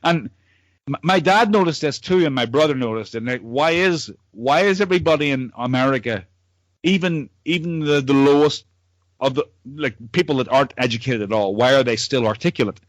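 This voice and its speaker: A man's voice: mid-range voice, a little fast, no room sound. Northern Irish male podcast host, rambling and sweary, dry close sound, video call. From Northern Ireland. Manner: rambling, repeats words, swears freely. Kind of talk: casual chat among old friends.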